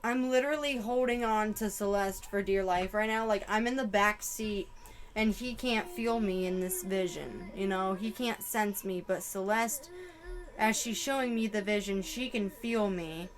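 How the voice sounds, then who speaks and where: Slow-talking woman giving an emotional psychic reading. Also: mid-range voice. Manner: emotional, swearing, exclaiming. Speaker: tarot reader.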